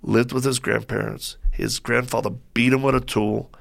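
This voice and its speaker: Gravelly-voiced man telling stories. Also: medium pitch, normal speed. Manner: lively storyteller who acts out quoted voices. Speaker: guest. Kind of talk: telling stories in a faith talk show interview.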